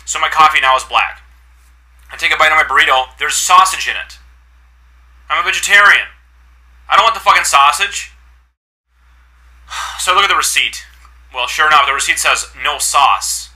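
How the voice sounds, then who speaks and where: A man's voice: on the high side, normal speed, long pauses, sharp tone. A man telling a personal customer-service story in a casual, irritated vlog rant, sarcastic and swearing often.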